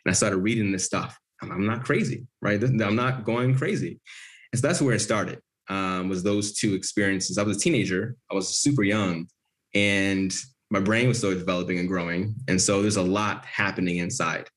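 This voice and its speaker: A man's voice: sits low, steady tone, a little fast, a bit bright. A man as an interview guest, telling a personal story in an earnest, vivid way.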